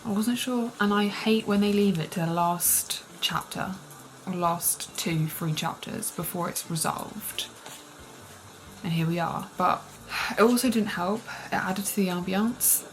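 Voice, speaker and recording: A woman's voice: mid-range voice, measured pace, soft background music. A young woman reading and chatting in a vlog, rambling and giggly, sometimes dropping to a whisper. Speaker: book vlogger. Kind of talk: casual reading vlog chat. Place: cosy room at home with rain and fireplace sounds.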